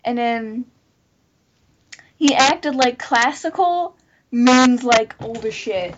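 A woman's voice: a little high, slow pace, noisy background. Profane, chatty young-sounding woman. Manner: profane, animated storytelling with lots of "like". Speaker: podcast host. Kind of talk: casual group chat, storytelling. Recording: lo-fi muffled recording.

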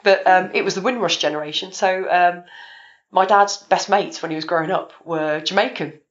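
A woman's voice: lowish voice, normal speed, highs cut off. A woman guest on a casual podcast, telling rambling family stories with many ums. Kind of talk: casual interview chat.

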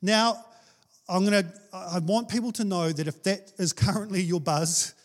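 A man's voice: sits high, fairly even intonation, normal speed. A man. He talks candidly and conversationally, poking fun at himself as a pastor in his thirties. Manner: candid, conversational preaching with laughs and self-deprecation. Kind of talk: sermon.

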